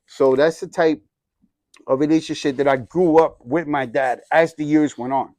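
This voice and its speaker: A man's voice: a little high, steady tone, normal speed, darkish tone, no echo, studio quality. A man in his forties sharing his testimony in casual storytelling, using slang and acting out the other voices in his story. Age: 40s. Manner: streetwise slang.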